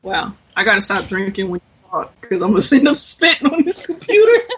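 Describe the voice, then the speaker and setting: A woman co-hosting a casual podcast chat, expressive and quick to laugh. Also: medium pitch, slight background noise. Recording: dull lo-fi sound.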